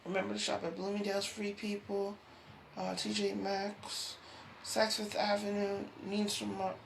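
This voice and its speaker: A woman hosting her own talk show, rambling from topic to topic, restarting phrases and laughing softly. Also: medium pitch, completely flat delivery, normal speed, vocal fry, a little hiss or hum, low-quality recording. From United States. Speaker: show host.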